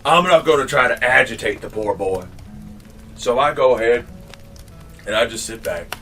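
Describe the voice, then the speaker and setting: A man spins a comic yarn in a loose, rambling way, restarting phrases and swearing now and then. His medium-pitched voice sits back from the microphone. Faint music plays underneath. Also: normal speed, pushed and bright, recorded from a distance. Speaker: storyteller. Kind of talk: casual comedic storytelling.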